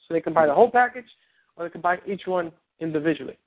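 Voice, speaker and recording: A man coaching on a phone call, animated and rambling, acting out little scenes. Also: fairly high pitch, fast. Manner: animated, rambling, acts out quotes. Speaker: relationship coach. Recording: tinny phone line.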